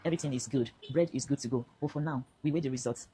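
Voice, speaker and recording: A middle-aged Nigerian woman speaks in a Nigerian accent, very low-pitched and rushing. Her words pour out fast and pleading as she addresses her followers directly. Her tone is dark and mellow. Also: a little hiss or hum, rough recording. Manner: impassioned, pleading storytelling. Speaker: social media vlogger. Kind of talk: direct-to-camera personal statement.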